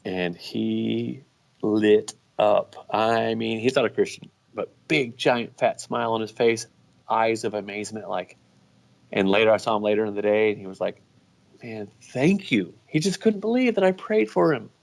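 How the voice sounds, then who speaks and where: A man, a guest business owner, telling stories in a relaxed, casual way with many restarts. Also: on the low side, moderate pace, gravelly. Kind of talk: casual storytelling.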